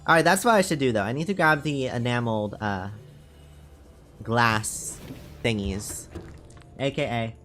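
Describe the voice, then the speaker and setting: Over soft background music, a man streams a game and chats casually with viewers. His mid-range voice is fairly bright, a little slow, and full of pauses, and he rambles with many fillers, restarts, and self-corrections.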